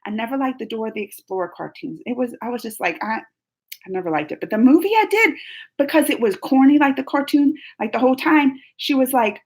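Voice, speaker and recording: A woman hosting a casual live-chat video, reading viewers' comments in an animated, playful way and laughing often. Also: a little high, brisk.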